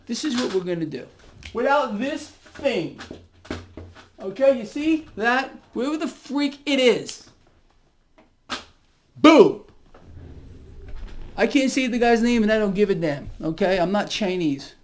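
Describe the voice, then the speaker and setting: A man's voice: sits high, expressive, moderate pace, slight background noise. A man with a Brooklyn accent giving a fired-up, emphatic market commentary rant to his viewers. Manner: hyped-up, emphatic, swearing.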